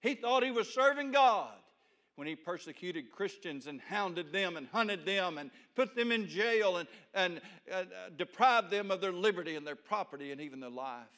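A middle-aged male pastor preaching a sermon, folksy and homespun, dropping to soft low asides and rising to loud emphasis. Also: animated, normal speed.

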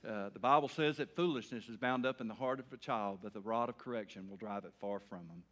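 Preaching at an evening service, this middle-aged pastor speaks in a folksy manner with a fairly low pitch and quick pace. He alternates loud emphatic outbursts with quieter, earnest passages.

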